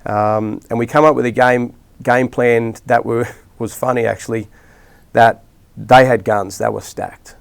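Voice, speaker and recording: A man's voice: medium pitch, fairly even intonation, a little slow, vocal fry, clear, resonant tone. A middle-aged Australian man, a rugby league coach, telling rambling stories in a casual interview with lots of restarts and fillers.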